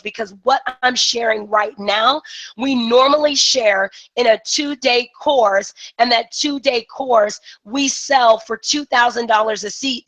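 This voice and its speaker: A woman business coach giving an energetic live-streamed coaching talk, acting out both sides of made-up conversations. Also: on the high side, rough recording.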